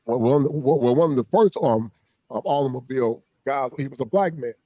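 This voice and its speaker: A man's voice: mid-range voice, moderate pace, no echo, lo-fi sound. A man hosting an interview, asking long questions and affirming his guest often. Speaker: host, interviewer. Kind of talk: casual conversational interview.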